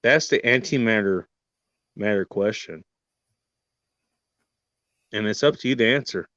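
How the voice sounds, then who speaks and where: Male host, profane mock-serious rant, rhetorical questions, loud-to-murmured swings, dull dry lo-fi sound. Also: lowish voice, a little slow, no room sound. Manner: heavy swearing, rhetorical questions.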